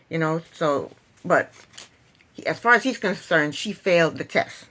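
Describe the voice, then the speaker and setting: A woman's voice: lowish voice, expressive, moderate pace, fairly bright tone. A woman casually recapping a reality TV episode, chatty and opinionated, retelling scenes and acting out quotes.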